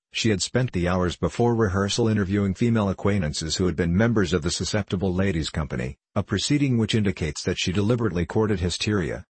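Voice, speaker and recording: A man narrating a novel in a measured, even storytelling manner. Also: deep voice, slightly rough, dry recording. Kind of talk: audiobook narration.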